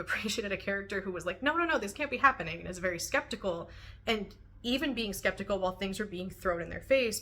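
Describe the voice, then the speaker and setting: A young woman with a bright, crisp voice chats to camera about books she has read. She is animated and quick to laugh, and she fills her pauses with "um" and "like". Her pitch sits in an everyday middle range. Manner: chatty, animated, laughs often, many "um" and "like". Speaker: book reviewer. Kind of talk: casual book review vlog.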